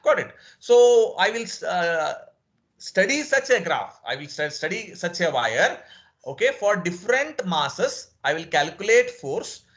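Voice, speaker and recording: A male lecturer, teaching an online physics class. His pitch sits a little high and swings widely as he stresses each word. He keeps circling back to repeat each point, with many "okay"s. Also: big pitch swings, a little slow, fairly bright tone. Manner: repetitive step-by-step explaining, frequent "okay".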